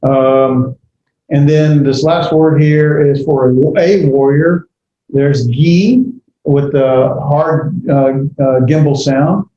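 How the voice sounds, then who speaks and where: A man's voice: a little high, fairly even intonation, mellow, a little hiss or hum. Hesitant male Hebrew teacher, roomy sound. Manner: halting, many fillers and self-corrections. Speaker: Hebrew instructor. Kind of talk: classroom lecture. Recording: dull, roomy lecture recording.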